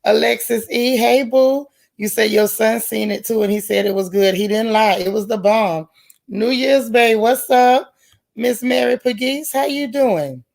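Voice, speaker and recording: A woman's voice: on the high side, a little slow, gravelly. Chatty woman greeting her live viewers. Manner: folksy, relaxed slang. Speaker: livestream host. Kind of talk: casual live-chat stream.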